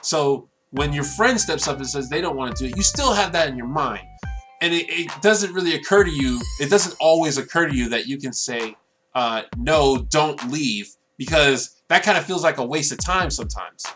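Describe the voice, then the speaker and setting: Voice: medium pitch, lively intonation, a little fast, a bit bright, soft background music. A show reviewer giving a casual, earnest and emotional episode review who talks at length.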